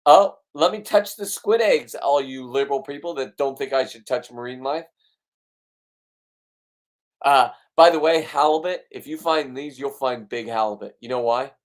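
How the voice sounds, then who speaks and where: A man's voice: mid-range voice, normal speed. A man narrating his own fishing video in a casual voice-over, blunt, boastful and full of swearing. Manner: blunt, profane, ranting, boastful. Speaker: fishing vlogger.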